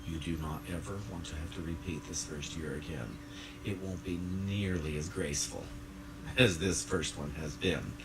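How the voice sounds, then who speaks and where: Male pastor, sermon, animated, hushed-to-loud delivery, distant mic, hissy church room. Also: low-pitched. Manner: animated, swings between hushed and loud, laughs with congregation. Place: church sanctuary with congregation. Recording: echoey church, distant mic, audible hiss.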